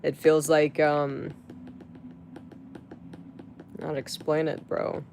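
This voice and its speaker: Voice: mid-range voice, monotone, slow, gravelly, darkish tone. A live streamer chatting casually to viewers, rambling with many fillers and restarts, swearing freely. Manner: crude, profane outbursts at chat.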